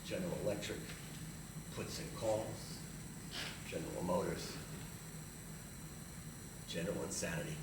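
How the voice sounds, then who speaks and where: A man telling his story in a one-man theater monologue, animated and self-mocking. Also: low voice, unhurried, pauses often, heavy background noise. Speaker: solo stage performer. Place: theater stage. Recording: live stage, distant roomy hall.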